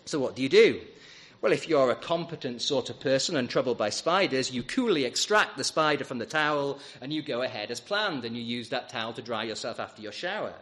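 A man preaching a sermon, emphatic and rhetorical, with dramatic pauses. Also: medium pitch, animated, fairly bright tone.

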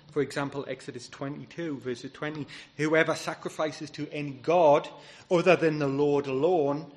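A man preaching a sermon as pastor, earnest and emphatic, citing scripture as he goes. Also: on the high side.

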